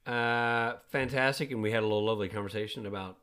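A man's voice: lowish voice, little pitch movement, very fast. A middle-aged man telling a long story in casual chat, acting out quotes with big jumps in his voice. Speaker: podcast co-host.

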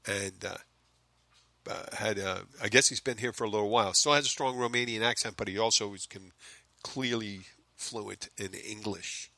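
Philly guy rambling on his comedy podcast, swearing a lot, bright voice, dry close sound. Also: fairly low pitch, moderate pace, creaky, no echo. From Philadelphia. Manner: rambling, profane, self-mocking asides. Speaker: podcast host. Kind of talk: casual comedic monologue. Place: home in the Florida Keys.

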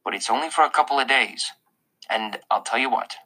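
Man reading as a gentle school principal. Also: mid-range voice, rough recording. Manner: gentle and measured, sometimes hushed. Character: calm, kindly middle-aged male school principal.

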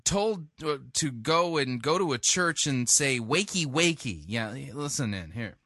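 A man's voice: medium pitch, expressive, unhurried, bright, forceful tone, no room sound, studio quality. A man hosting a commentary show, sarcastic and playful as he reacts to clips. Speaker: podcast host.

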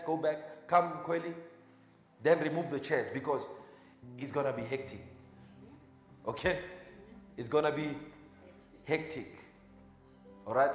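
A man preaching as a pastor. He quizzes the congregation with short questions, then gives quiet instructions during a live demonstration. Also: on the high side. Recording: echoey hall with music behind.

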